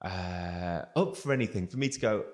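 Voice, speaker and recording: A man's voice: sits low, moderate pace. A man from northwest England with a northern English accent, a guest musician in a casual livestream interview, telling stories and acting out the voices of the people he quotes. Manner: lively storyteller who acts out quoted voices.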